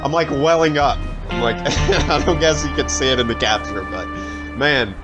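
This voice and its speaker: Excitable streamer man with lively pitch. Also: normal speed, loud music behind the voice. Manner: excitable, swears freely, reacts to the story. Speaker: gaming streamer. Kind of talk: let's play commentary.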